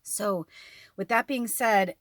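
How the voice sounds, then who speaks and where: Speaking slowly in a mid-range, somewhat bright voice, a woman who reads tarot and works as a spiritual medium talks casually to her viewers. Her spiritual chat is rambling and full of fillers.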